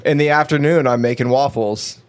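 A man's voice: mid-range voice, a little fast. Male co-host from San Diego, casual chat, rambling delivery with lots of fillers. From San Diego, United States. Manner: rambling, hesitant storyteller with many fillers. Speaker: podcast co-host.

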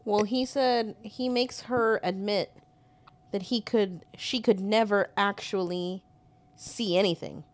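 A woman's voice: medium pitch, fairly even intonation, slow. A woman co-hosting a casual talk show who chimes in with blunt, profane, joking asides. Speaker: podcast co-host. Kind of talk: casual chat.

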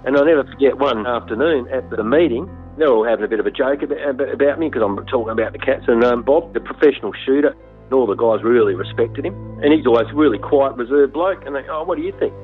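An Australian hunter telling a story in an interview, blunt and animated, with frequent fillers. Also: male voice, mid-range voice, quick pace. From Western Australia. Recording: tinny phone-like sound, faint music.

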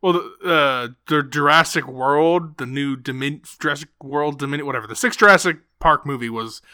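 A man chatting casually on a podcast, his voice sitting a little high with a bright, forceful edge. He restarts and corrects himself often and gets animated telling stories. The sound is close and dry. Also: normal speed, smooth, no room sound. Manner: rambling, self-correcting, animated. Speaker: podcast co-host. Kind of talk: casual chat.

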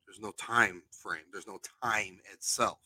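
A man co-hosting a podcast, a paranormal investigator chatting casually, animated and telling anecdotes with a swear now and then. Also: on the low side, unhurried, no room sound.

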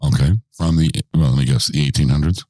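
This male host talks fast, ribbing his co-host playfully and peppering him with questions in a relaxed way. The voice is extremely deep, dark and mellow, with fairly even intonation. Faint music sits behind a dry, close-miked recording.

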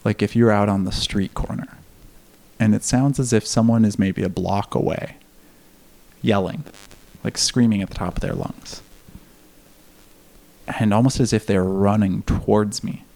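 A man's voice: on the low side, fairly even intonation, measured pace, gravelly, pauses often, a little mellow. A man telling a candid personal story in casual conversation, laughing now and then and swearing freely. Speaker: podcast guest.

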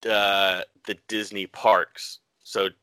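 Low-voiced rambling male co-host. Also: level tone, slow, sharp tone, clean tone, no echo. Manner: rambling, hesitant, with many fillers. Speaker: podcast co-host. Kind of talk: casual chat.

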